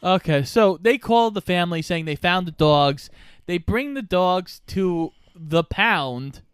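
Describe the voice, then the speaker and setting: A man's voice: high voice, expressive, takes it slowly, smooth, no echo. Man co-host, wry storyteller, clean and dry. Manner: wry, joking retelling of the plot. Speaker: podcast co-host. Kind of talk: casual movie recap chat.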